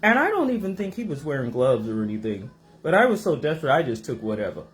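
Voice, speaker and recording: A woman host telling a rambling personal story to her viewers in a casual, animated way, recorded in her home kitchen. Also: a bass voice, fast, a little hiss or hum. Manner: animated, rambling, acts out voices in her stories.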